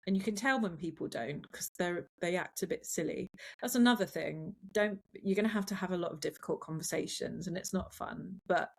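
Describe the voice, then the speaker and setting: A young adult woman, a film producer, chatting casually as a guest in an interview, with quick asides and laughs. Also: fairly low pitch, vocal fry.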